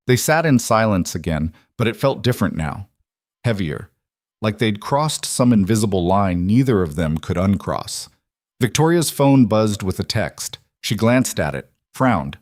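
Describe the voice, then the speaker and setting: A man narrating a scripted story in a steady, even manner. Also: lowish voice, unhurried, no echo, studio quality.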